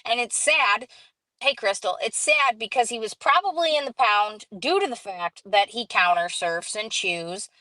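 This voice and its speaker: A woman hosting a casual live stream, telling a story in an animated way, acting out quoted dialogue and greeting viewers as she goes. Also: a little high, a little slow, no room sound, rough recording.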